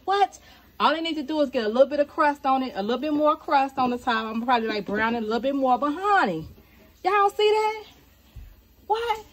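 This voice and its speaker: A woman's voice: high voice, very fast, few pauses. A young woman vlogging from inside a car, chatting and venting to her viewers and calling them y'all and honey. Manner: animated, talks straight to viewers with lots of y'all and honey. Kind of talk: casual ranting chat to viewers.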